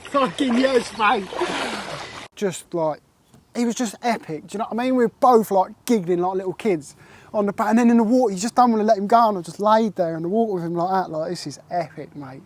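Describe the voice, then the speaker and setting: A man, telling an excitable and rambling fishing story in a casual interview, full of "like" and "mate". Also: high-pitched, fast, a little hiss or hum. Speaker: carp angler recounting a catch.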